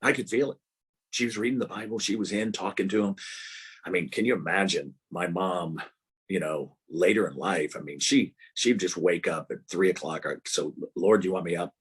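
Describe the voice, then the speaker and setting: A man's voice: sits low, normal speed, breathy edge. An older man being interviewed as a guest author on a video call, talking in a rambling way with many restarts and fillers. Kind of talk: casual interview about prayer.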